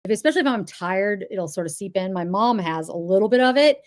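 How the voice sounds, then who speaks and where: A woman's voice: mid-range voice, lively intonation, fast, a little mellow. A middle-aged woman from the Boston area, chatting casually on a livestream and answering viewers' comments as she goes. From Boston area, New England. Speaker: livestream host.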